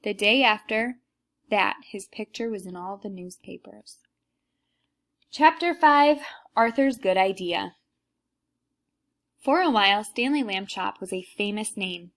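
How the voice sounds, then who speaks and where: A woman's voice: mid-range voice, a bit bright. A woman reading a children's book aloud, narrating plainly and unhurriedly with small slips.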